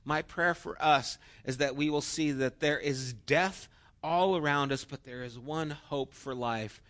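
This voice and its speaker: A man's voice: fairly high pitch, unhurried, a bit bright. A middle-aged man preaching a sermon in an earnest, storytelling way and acting out quotes.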